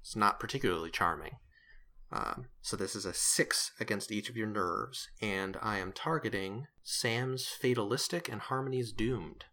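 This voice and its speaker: Game master, male, low voice with a bright edge, rambling and self-correcting narration. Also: normal speed.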